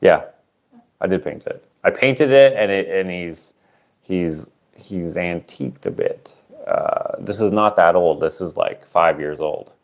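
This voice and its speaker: A man with a somewhat low voice sells his handmade sculptures in a relaxed livestream auction. He rambles, trails off into fillers and makes fun of himself. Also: measured pace. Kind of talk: casual livestream auction chat.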